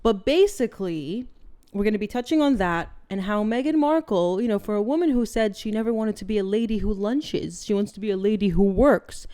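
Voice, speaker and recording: A young woman co-hosting a podcast in casual chat, talkative and quick to laugh. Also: medium pitch, lively intonation, dark tone. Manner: chatty, laughs often. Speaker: podcast co-host.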